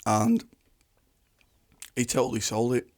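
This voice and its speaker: A man's voice: mid-range voice, sing-song, slow pace, a little mellow, no echo, studio quality. A man, a musician guest telling laid-back, sweary stories in casual chat.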